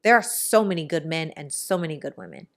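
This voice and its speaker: A woman hosting a podcast in casual chat, telling stories in an animated, rambling way with quick asides. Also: low voice, creaky. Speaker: podcast host.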